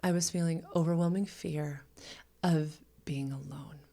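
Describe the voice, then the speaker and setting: Female podcast host and sex educator, low creaky voice, raw confessional delivery with hushed asides. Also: fairly even intonation, measured pace. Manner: emotional, often drops to a whisper. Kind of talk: personal storytelling.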